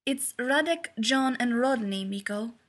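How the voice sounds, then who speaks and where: A woman voicing a calm, thoughtful male scientist who speaks formally, without contractions, in a storybook reading. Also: on the high side, measured pace, lightly acted. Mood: gentle.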